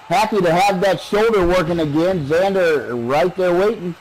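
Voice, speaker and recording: High-voiced excitable male wrestling commentator. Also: moderate pace, few pauses, background noise. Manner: excitable, joking, rises in pitch during action. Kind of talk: play-by-play commentary.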